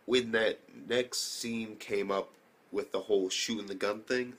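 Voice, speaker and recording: A man's voice: fairly low pitch, steady tone, a little slow, fairly bright tone. A young man casually recapping an anime episode, rambling with slang, swearing and many fillers. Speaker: anime reviewer.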